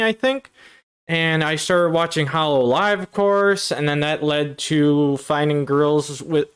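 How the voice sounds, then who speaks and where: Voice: medium pitch, clean tone. A VTuber guest answering interview questions casually, in a meandering way with many hesitations.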